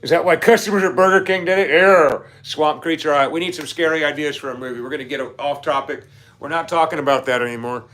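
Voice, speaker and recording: A man's voice: on the high side, fast talker, fairly bright tone. A man hosting a casual livestream, chatting with viewers. He rambles into nerdy asides and laughs often. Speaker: livestream host reading viewer comments. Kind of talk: casual live-stream chat.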